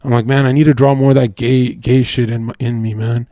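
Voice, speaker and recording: A man's voice: medium pitch, level tone, brisk, mellow, no room sound, clean studio sound. A man streaming live, talking in a casual, profane, rambling way and often saying "bro" and "like". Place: home streaming setup.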